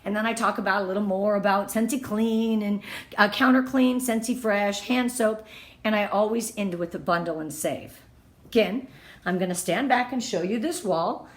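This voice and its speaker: A woman's voice: mid-range voice, moderate pace. A woman giving her sales team an upbeat, gushing training talk on online party presentations, at home in front of her product display wall. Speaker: direct-sales consultant coaching her team. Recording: echoey room.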